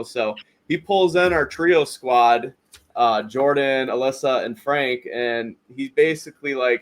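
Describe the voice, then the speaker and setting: Man, podcast host, mid-pitched voice, animated storytelling, acts out quotes, swears. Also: measured pace. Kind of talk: casual chat recapping a reality show.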